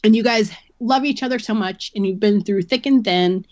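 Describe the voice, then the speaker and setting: A woman's voice: medium pitch, moderate pace, darkish tone, dry recording, lo-fi sound. A woman guest on a podcast, giving a candid personal account and explaining things earnestly through long analogies.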